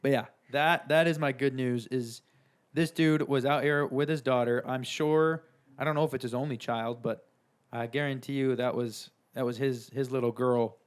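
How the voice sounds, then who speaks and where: A man's voice: mid-range voice, steady tone, normal speed, clean tone. A young man co-hosting a podcast, telling a story in an enthusiastic, playful casual chat. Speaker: podcast co-host.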